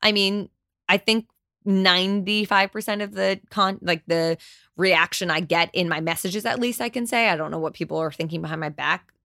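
A woman's voice: on the low side, steady tone, normal speed, gravelly, pushed and bright, no echo, studio quality. A young adult woman hosting a solo podcast, talking candidly and emphatically, swearing now and then. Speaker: podcast host.

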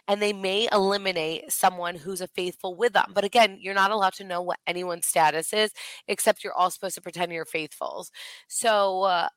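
A woman's voice: medium pitch, no room sound, poor audio. Chatty woman podcast co-host, dry sound. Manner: chatty, animated retelling with quoted asides. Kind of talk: casual recap chat.

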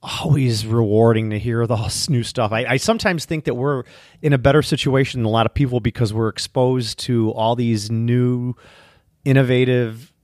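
A man's voice: mid-range voice, normal speed, darkish tone, dry recording, studio quality. Chatty male podcast host. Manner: enthusiastic, chatty, with restarts. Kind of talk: casual podcast chat.

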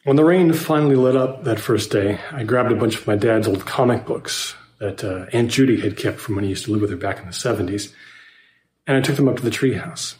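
Low-voiced man narrating a horror story. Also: a little fast, a little mellow. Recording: roomy echo.

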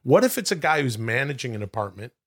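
A man co-hosting a comedy podcast, brainstorming in a casual, excitable way, swearing freely and jumping up in pitch as he riffs. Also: fast, slightly rough. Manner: animated, excitable, jumps high in pitch when riffing. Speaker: podcast co-host.

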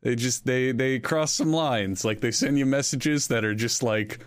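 Podcast co-host, man, mid-pitched, earnest and easygoing. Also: unhurried, a little hiss or hum. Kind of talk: casual chat.

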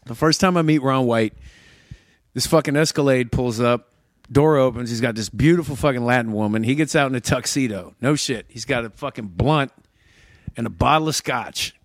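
A man, a comedy producer and comedian, in casual podcast chat, telling animated stories with a lot of swearing. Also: mid-range voice, moderate pace, no echo, studio quality. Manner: profane, animated storyteller.

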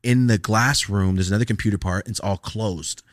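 A man with a fairly low voice spins a comic story from his own past, swearing freely and throwing himself into it. His delivery is casual and animated. The sound is dry and close, with no room echo. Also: brisk. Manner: animated, profane, acts out quoted lines. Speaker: podcast host.

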